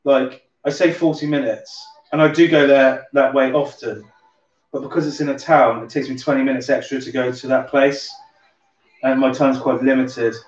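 A man's voice: mid-range voice, fairly even intonation, moderate pace. Chatty man with a light Somerset twang. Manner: chatty, rambling, swears casually. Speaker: livestream host. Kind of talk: casual drink-along chat. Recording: roomy, distant, dull sound with music behind.

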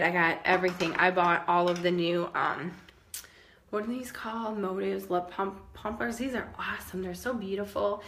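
A woman's voice: lowish voice, normal speed, fairly bright tone. A woman in her fifties giving a chatty, enthusiastic show-and-tell of her products, with lots of fillers. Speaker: home tour vlogger. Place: inside a home. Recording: echoey room, faint noise.

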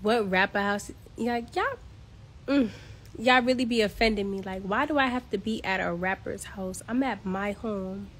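A woman's voice: medium pitch, moderate pace, fairly bright tone. A woman from Queens, ranting bluntly and with exasperation on a casual phone livestream from home. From Queens, New York. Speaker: social media personality.

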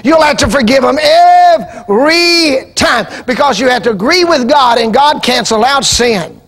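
High-voiced, impassioned male preacher. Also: lively intonation, unhurried. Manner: impassioned, rising into shouts and call-and-response. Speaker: pastor. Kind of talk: sermon. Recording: archival 2000 TV broadcast.

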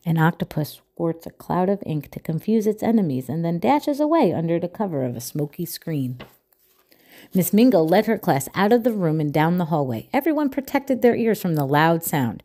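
A woman reading a children's picture book aloud with clear, expressive storytelling. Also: on the low side, normal speed.

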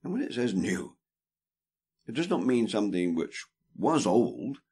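A man reading a theology book aloud as an audiobook, in a deliberate, emphatic manner that stresses key words. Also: on the low side, big pitch swings, mellow, husky. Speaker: audiobook reader.

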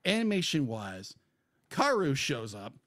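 A man's voice: mid-range voice, sing-song, a little slow, fairly bright tone. A man co-hosting a podcast, ranting emphatically and with exasperation about an anime character. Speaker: podcast co-host. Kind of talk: casual podcast review.

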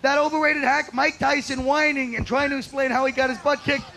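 A man hosting a game show outdoors, shouting wisecracks and teasing the contestants. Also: extremely high pitch, flat delivery, fairly quick. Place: outdoors at a spring break beach event. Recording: loud crowd and music at outdoor taping. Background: loud cheering crowd and music.

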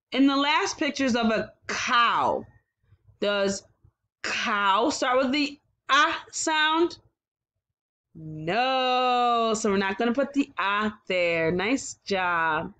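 A woman teaching a phonics lesson to young children, sounding out letters slowly and praising them often. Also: on the high side, pushed and bright. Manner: slow, encouraging, sounds out letters. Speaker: kindergarten teacher.

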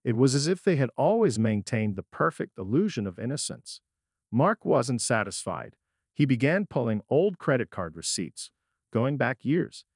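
Husky man narrating a dramatic story. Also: medium pitch, sing-song, normal speed, a little mellow, no echo, studio quality.

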